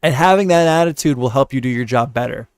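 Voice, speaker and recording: A man's voice: mid-range voice, fast, smooth, no echo, studio quality. A man hosting a livestream, telling stories and giving blunt advice in a rambling, profane, offhand way. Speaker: livestream host. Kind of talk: casual livestream chat.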